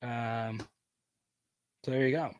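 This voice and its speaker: A man's voice: medium pitch, steady tone, slow, clear, resonant tone, no room sound. A man hosting a casual live stream, chatting and reading viewer comments aloud.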